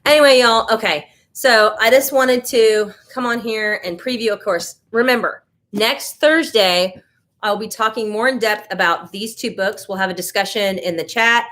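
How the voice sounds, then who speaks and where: A woman's voice: medium pitch, normal speed, a bit bright. An American woman hosting a casual live stream, chatting loosely and reacting to viewer comments as she goes. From United States. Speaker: livestream host.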